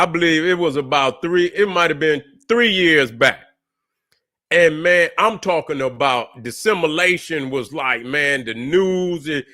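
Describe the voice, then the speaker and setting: A man's voice: on the high side, bright, forceful tone. A man hosting a casual reaction vlog, telling a rambling, profane story straight to his viewers. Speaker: channel host.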